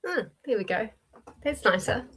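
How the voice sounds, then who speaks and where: A woman's voice: on the high side, lively intonation, normal speed, a bit bright, husky. A woman with a New Zealand accent hosting a casual livestream, chatty and talking straight to her viewers with frequent ums, in her early-morning voice. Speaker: livestream host leading reading sprints.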